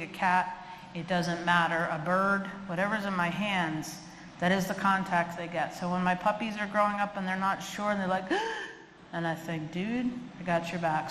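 A woman's voice: mid-range voice, fairly bright tone. A woman giving a humorous live lecture on animal behavior and fear, acting out the voices of the people she quotes. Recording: echoey hall, faint room noise.

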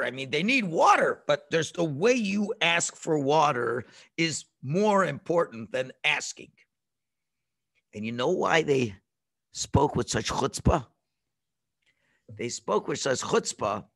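A man teaching a children's religious class over a video call, telling the story in an animated way and acting out the voices. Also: on the high side, vocal fry.

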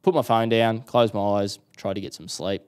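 Australian man telling a story, smooth low voice. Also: normal speed. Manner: animated storyteller acting out quotes. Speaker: guest. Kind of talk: casual storytelling interview.

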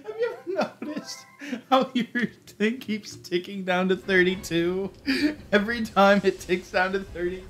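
A man's voice: sits high, animated, normal speed, few pauses, a bit bright. A man teasing his friend and laughing during casual chat while they play a game.

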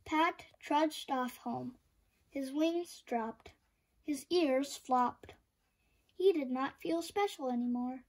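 Storyteller: woman, high voice, slow expressive read-aloud for kids. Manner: expressive, with sound effects. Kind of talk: children's book read-aloud.

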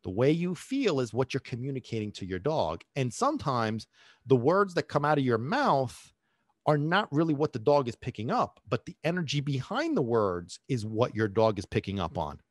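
Man, dog trainer, podcast monologue, animated, lively pitch, dry close sound. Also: moderate pace, no echo. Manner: animated, acts out voices, asks listeners questions.

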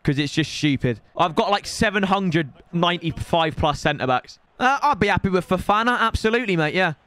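A man's voice: sits high, lively intonation, fairly quick, a bit bright, clear, resonant tone. A man, commentating his own game on a live stream in an exasperated, ranting way.

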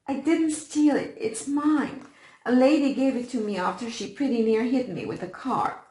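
A woman's voice: a little slow, lightly acted. A woman voicing a small crippled boy, frightened and pleading through tears in a storybook reading with a roomy echo. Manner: high, tearful pleading.

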